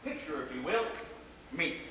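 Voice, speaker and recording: A man's voice: a little high, expressive, measured pace, pushed and bright. An actor playing a whimsical, rebellious grown man, telling stories with theatrical, playful flourishes in a live stage play. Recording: echoey theater hall from far off, faint noise.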